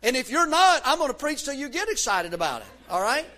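A man preaching a sermon from the pulpit, fervent and emphatic, rising to shouts on key points. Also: very high-pitched, sing-song, quick pace. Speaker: pastor.

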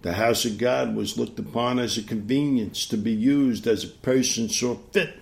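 A man's voice: medium pitch, fairly even intonation, normal speed, creaky, darkish tone. A man preaching a sermon, emphatic, repeating key phrases and pressing the listeners with rhetorical questions.

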